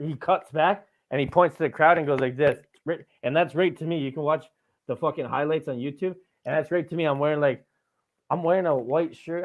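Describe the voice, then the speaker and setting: A man hosting a podcast, telling stories in casual chat with lots of swearing and laughing. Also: medium pitch. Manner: profane, animated storytelling with frequent laughs. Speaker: podcast host. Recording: tinny phone-like audio.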